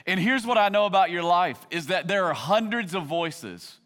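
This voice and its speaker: A man's voice: sits high, expressive, moderate pace, fairly bright tone. A man in his thirties preaching a sermon as a pastor, conversational and building to passionate emphasis.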